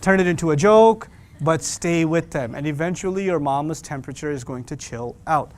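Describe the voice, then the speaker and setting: A man with a slightly high voice teaches a Quran class to young adults. He talks in a lively, joking way, slipping into voices of parents and teens as he makes his points. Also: moderate pace, background noise.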